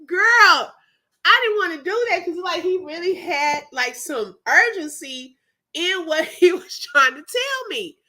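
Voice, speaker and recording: A woman's voice: very high-pitched, measured pace. A woman, hosting a casual live chat and telling a story with frequent laughter. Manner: laughs often, animated storytelling, talks to chat. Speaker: livestream host.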